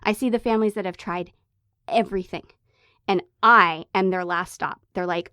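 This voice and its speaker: A woman's voice: on the low side, normal speed, pushed and bright, dry recording, clean studio sound. A woman in her thirties co-hosting a parenting podcast, talking in an impassioned, emphatic way as she pleads with parents. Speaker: podcast co-host, hypnotherapist. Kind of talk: casual podcast chat.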